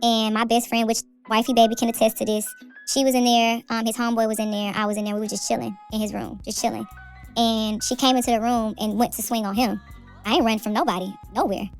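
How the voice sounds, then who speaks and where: A woman telling a story in a lively chat, quick and animated, acting out the people in it. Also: fairly high pitch, faint music behind. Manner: lively, quick, acts out voices in her story. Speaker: co-host telling her story.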